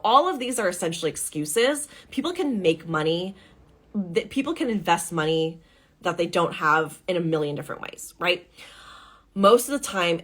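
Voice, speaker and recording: A woman business coach talking in a podcast monologue, emphatic and often checking in with "right?". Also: lowish voice. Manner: acts out excited and doubtful voices when quoting.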